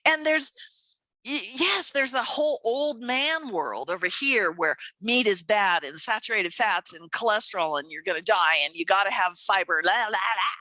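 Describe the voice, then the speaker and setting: Lively, bright-voiced woman in her fifties. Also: mid-range voice, normal speed, no room sound, rough recording. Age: 50s. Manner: animated and enthusiastic, laughs often, acts out quoted voices. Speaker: podcast co-host. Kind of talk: casual chat.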